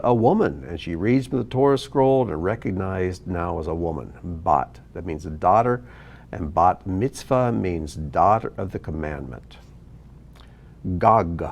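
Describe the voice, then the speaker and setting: A man teaching a video lesson, explaining slowly and patiently. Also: sits low. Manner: slow, patient explaining with lively ups and downs. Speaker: Hebrew teacher.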